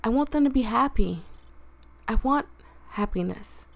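Chatty, slightly hoarse woman gamer. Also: a little high, lively intonation, unhurried. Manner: chatty, laughing and clearing her throat while reading. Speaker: gaming video host. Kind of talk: chatty game reading.

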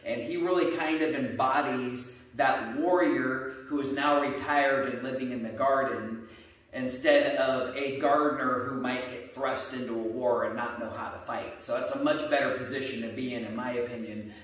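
A man, a martial arts instructor, explaining ideas in a steady, earnest way. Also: medium pitch, normal speed. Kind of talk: casual explanatory chat. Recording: echoey room, mic at a distance.

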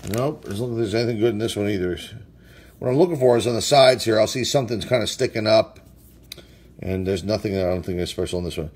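A man's voice: fairly low pitch, fast, darkish tone, a little hiss or hum. A man opening packs of baseball cards, casually reading out player names and sometimes stumbling over hard ones. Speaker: sports card collector opening packs. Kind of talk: casual card-break commentary.

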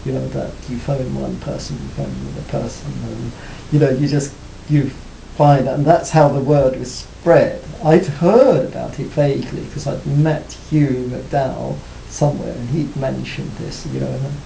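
Hesitant man with a gravelly voice. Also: fairly even intonation, moderate pace, few pauses, dark tone. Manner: hesitant, many restarts and "you know". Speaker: interviewee, former band cellist. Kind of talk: reflective casual interview talk. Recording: roomy, faint rumble.

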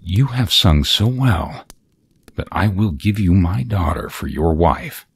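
A man's voice: low voice, lively intonation, slow pace, gravelly, a little hiss or hum, pitched above the performer's own voice, full character voice. A man playing a stern, commanding old king.

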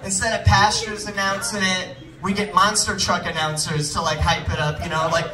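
A man's voice: high-pitched, fairly even intonation, moderate pace. A man doing a rambling, self-deprecating stand-up set, out of breath on a club stage. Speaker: stand-up comedian. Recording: roomy club sound from a distance, loud crowd and noise.

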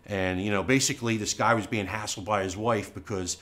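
A man's voice: lowish voice, fairly quick. A middle-aged man and company founder presenting a new product at a live Q&A, folksy and emphatic, tagging lines with "all right?" and "okay?" and acting out the people in his stories. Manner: animated storyteller acting out quoted people.

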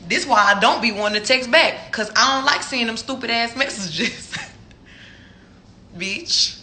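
A woman's voice: a little high, pushed and bright, slight background noise. Woman ranting profanely on a live stream. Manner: profane, heated, slow emphatic delivery with laughter.

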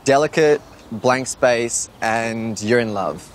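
Speaking slowly in a mid-range voice, a twenty-something Australian man takes interview questions outside at a home. He's laid-back, jokey and pokes fun at himself. There's a little background noise.

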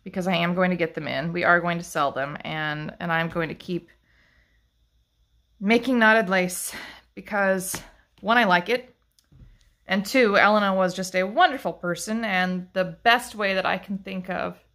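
A woman's voice: on the low side, fairly even intonation, moderate pace, fairly bright tone. A woman who runs a fiber craft shop and teaches, talking casually into a handheld phone camera on a live stream, rambling with many ums and restarts.

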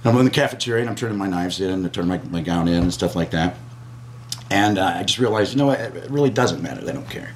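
A man telling an animated personal anecdote as an interview guest, acting out screams and quoted lines. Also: low voice, fast talker, a little hiss or hum. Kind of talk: storytelling anecdote.

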